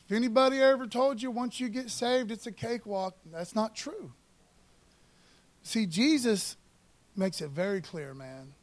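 A man preaching with fervor, his voice sitting noticeably high. He keeps the tone casual and punchy, tossing in "man" and calls for an amen between lines. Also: lively intonation, measured pace. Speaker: pastor. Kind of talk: sermon.

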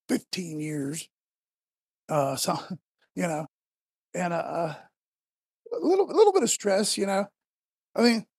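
A man delivers a laid-back sermon with a gravelly, slightly husky voice. He talks conversationally, then climbs into loud, emphatic bursts when retelling scripture. The sound is close and dry. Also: high-pitched, dry recording. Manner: conversational, emphatic, voice rising to shouts when quoting Moses. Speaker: preacher. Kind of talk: casual sermon.

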